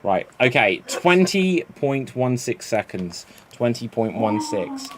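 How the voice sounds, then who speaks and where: A man hosting an improv game over a stream, laying out the rules and reading audience suggestions. He talks in a loose, chatty way and laughs off his own mistakes. His pitch sits in an ordinary middle range. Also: very animated, slow pace, slight background noise. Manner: chatty, self-correcting, laughs at own slips. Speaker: improv show host.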